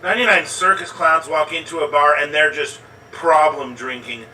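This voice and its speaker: Bright-voiced man telling improv jokes. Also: on the high side, normal speed, slight background noise. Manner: storytelling, builds to a pun. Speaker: improv player. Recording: distant mic.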